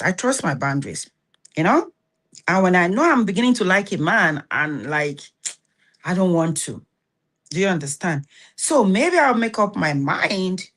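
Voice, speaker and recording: A woman's voice: mid-range voice, fairly bright tone. A middle-aged woman with a Nigerian accent hosting a motivational self-help talk, giving blunt, scolding advice and often asking if you understand. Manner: blunt, scolding advice with rhetorical check-ins. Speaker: host.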